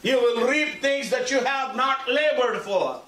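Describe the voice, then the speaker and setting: A man's voice: very high-pitched, animated, measured pace, bright, forceful tone. A male pastor preaching a sermon, working the congregation with repeated, emphatic lines and frequent calls for agreement. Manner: call-and-response preaching, asks congregation for agreement; repetitive, emphatic phrasing. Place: church sanctuary. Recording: echoey church hall, mic far off, faint hiss.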